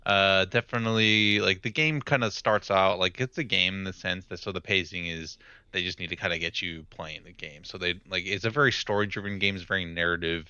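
A young man with a low, smooth, forceful voice rambles easily through podcast chat with plenty of ums and likes. He sounds dry and close. The recording is slightly muffled and lo-fi. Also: no room sound. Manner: rambling, hesitant with many fillers. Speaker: podcast co-host. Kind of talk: casual chat. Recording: dull lo-fi mic, dry.

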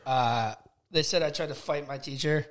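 A man's voice: on the high side, normal speed. A man in his twenties, co-hosting a podcast, tells a rambling, profane story in casual chat. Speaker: podcast co-host.

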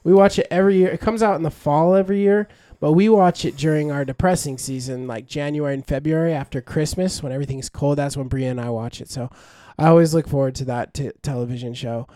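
A young man gushes about shows and music in loose, rambling podcast chat, full of fillers and restarts. His voice sits a little high but sounds mellow and soft-edged. The sound is dry and close, with no room echo. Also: steady tone, fast talker. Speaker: podcast co-host. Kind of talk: casual chat.

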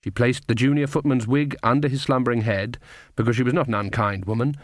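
This is scripted narration of a fantasy novel by a male audiobook narrator, delivered in a steady, even, measured manner. The medium-pitched voice comes through clean studio audio without any room sound.

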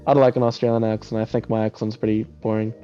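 Over a voice call from home, another young man co-hosting the podcast chats casually, using slang and swearing freely. He talks fast in a lowish, mellow, smooth voice with flat delivery, though his computer mic leaves him slightly dull and lo-fi. Soft music plays in the background.

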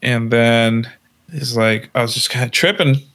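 A man's voice: mid-range voice, measured pace, fairly bright tone. A young man telling a crude, rambling story in casual chat and laughing at it as he goes.

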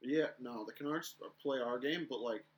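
A young man co-hosting a casual podcast chat, telling stories in an animated way and acting out the shouting. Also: mid-range voice, moderate pace. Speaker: podcast co-host.

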